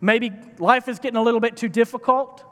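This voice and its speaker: A man's voice: extremely high pitch, a little fast, bright, forceful tone, long reverb tail. A man giving a sermon from a church stage, in a playful, joking manner. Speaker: preacher.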